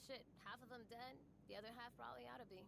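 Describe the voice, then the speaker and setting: A woman's voice: on the high side, steady tone, fast talker, creaky, noisy background. An actress playing a laid-back young woman in a video game who talks about her job in an offhand, casual way.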